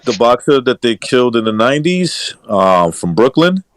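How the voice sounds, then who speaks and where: A man's voice: medium pitch, sing-song, normal speed, smooth, no echo. A man co-hosting a podcast, telling loose stories in casual chat and swearing casually.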